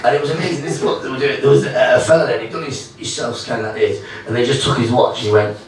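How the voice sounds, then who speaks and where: A man performing a stand-up comedy set, chatty and animated, acting out characters in silly voices. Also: medium pitch, quick pace, recorded from a distance, background noise. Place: comedy club stage. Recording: echoey club mic with audience laughter. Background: audience laughter.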